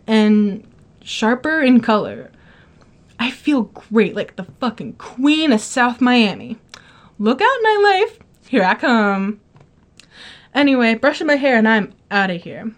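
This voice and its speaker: Female story reader, high voice; chatty, gossipy first-person delivery with plenty of drama.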